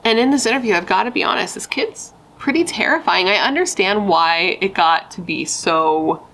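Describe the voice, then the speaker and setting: A woman's voice: medium pitch, expressive, normal speed, fairly bright tone, poor audio. A young woman telling a true crime story in a casual, blunt way, chatting and swearing with rambling asides.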